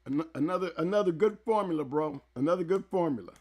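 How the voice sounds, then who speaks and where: An excitable man hosts a casual interview with a rough, gravelly voice pitched a little high. He gets loud when worked up and stumbles over repeated words. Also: fast talker. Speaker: talk show host. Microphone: handheld mic held close.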